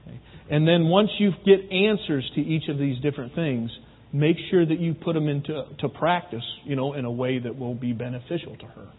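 Husky preacher in a reverberant hall. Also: male voice, a little high, fairly quick. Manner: folksy, teaching with anecdotes. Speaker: pastor. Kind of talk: sermon on marriage. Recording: tinny, phone-like, long hall reverb.

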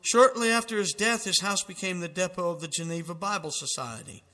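A man's voice: high-pitched, brisk, pushed and bright, in a large hall. A man preaching a fervent sermon, reading out dramatic quotations with emphasis.

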